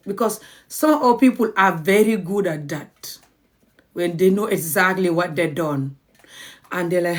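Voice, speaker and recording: A woman with a Gambian accent teaching a language lesson on a live stream, acting out little dialogues and spelling words slowly. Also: on the low side.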